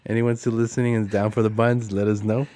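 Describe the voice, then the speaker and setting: A man co-hosting a podcast in easygoing, casual chat. He sits a little low in pitch and has a dry, wry humor with casual swearing. He steers the talk toward wrapping up the show. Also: level tone, fast talker, mellow. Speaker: podcast co-host.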